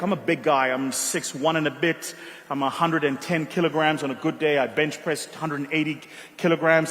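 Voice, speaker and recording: A man from South Africa giving a motivational keynote speech, telling stories with dramatic pauses and quiet emotional passages. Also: on the high side. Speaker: keynote speaker. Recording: reverberant hall.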